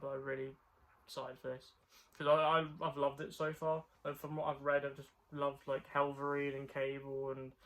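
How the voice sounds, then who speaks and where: A man's voice: fairly high pitch, a bit bright. A young man chatting casually about his comic book haul, rambling with lots of fillers. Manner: rambling, filler-heavy, repeats "like".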